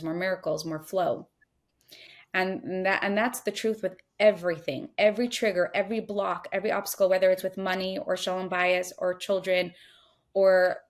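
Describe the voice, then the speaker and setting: A woman speaking earnestly as a podcast guest, giving a spiritual coaching talk and voicing inner thoughts in little quoted asides. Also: on the low side.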